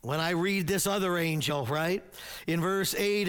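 A man preaching a sermon as pastor, earnest and emphatic, with halting restarts. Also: high voice, a bit bright, clear, resonant tone.

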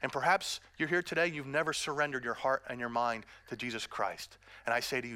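Bright-voiced middle-aged male pastor. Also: medium pitch, fairly even intonation, brisk. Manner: earnest, direct address to the congregation; self-deprecating humorous storytelling. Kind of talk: sermon.

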